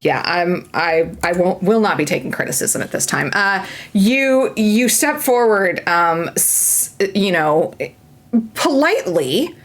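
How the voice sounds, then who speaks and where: A woman narrating as game master of a tabletop game. She talks in a chatty, playful way, with many fillers and restarts, and her pitch sits in the middle. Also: big pitch swings, takes it slowly.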